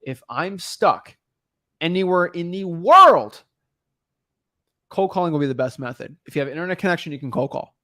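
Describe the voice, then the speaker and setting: Energetic male podcast host, dry sound. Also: fairly high pitch, moderate pace, pauses often, no room sound. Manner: energetic and emphatic, rambling with restarts. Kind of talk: casual chat.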